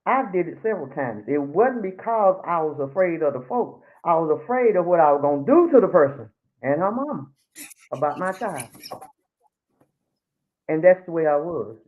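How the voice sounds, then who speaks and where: A woman's voice: deep voice, expressive, normal speed. Outspoken woman, tinny phone-like sound. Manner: outspoken, emphatic, blunt humor. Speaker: church member giving testimony. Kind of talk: candid testimony at a Bible study.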